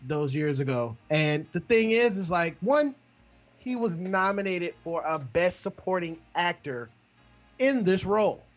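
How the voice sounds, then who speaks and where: A man's voice: fairly high pitch, dull audio. A man co-hosting a film review podcast, speaking in a laid-back, hesitant way. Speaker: podcast co-host. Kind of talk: casual film review chat.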